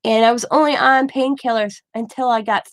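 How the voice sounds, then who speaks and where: A woman's voice: fairly high pitch, brisk, no echo. Woman telling a rambling story. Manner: rambling, animated retelling with quoted dialogue. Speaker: craft channel host. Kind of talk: casual storytelling.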